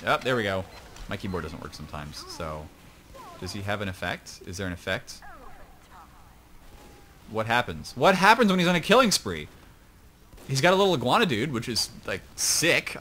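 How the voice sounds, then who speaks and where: A man's voice: medium pitch, sharp tone, slight background noise. A man giving casual play-by-play commentary on an online match from his home computer, chatty and rambling, with self-mocking asides. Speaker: esports shoutcaster.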